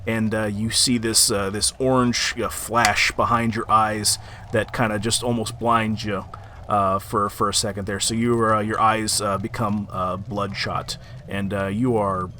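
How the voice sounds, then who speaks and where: A man's voice: on the low side, level tone, a little slow, pushed and bright, slight background noise. A man narrating as game master of a tabletop game, rambling with many ums and likes. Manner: rambling, filler-heavy narration.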